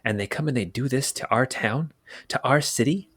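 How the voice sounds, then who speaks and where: A man doing a hushed, bitter tavern barman. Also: moderate pace, natural voice. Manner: conspiratorial, lowers voice. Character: male barkeep, friendly then angry.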